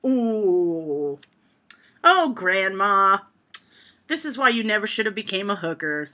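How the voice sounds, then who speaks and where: A woman's voice: mid-range voice, big pitch swings, moderate pace. A woman vlogging from home, reading joke lists aloud to her camera and laughing at the punchlines. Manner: reads jokes aloud and reacts with loud laughter. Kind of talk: casual joke-reading vlog.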